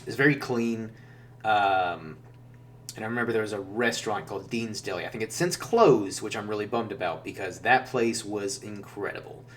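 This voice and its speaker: A man's voice: lowish voice, normal speed. A man vlogging casually about his travels, rambling with lots of fillers and self-corrections. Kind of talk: casual chat. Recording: distant mic with faint hum.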